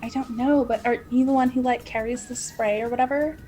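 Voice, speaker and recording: A woman taking part as a player in a tabletop game, talking in a chatty, excitable way. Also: on the high side, a little fast, soft background music. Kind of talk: playing a character in a tabletop game.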